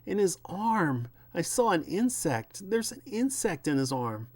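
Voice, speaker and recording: A man's voice: a little high, sing-song, takes it slowly, voice pushed up, heavily acted. A man voicing a frightened young woman in a comic book reading, in a raised, pleading voice. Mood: alarmed.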